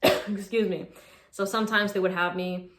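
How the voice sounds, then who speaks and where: A woman in her twenties telling stories in a casual vlog, chatty and animated, with lots of "like.". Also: medium pitch, moderate pace, reverberant, noisy background. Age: 20s. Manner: chatty, animated retelling with filler "like". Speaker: social media creator.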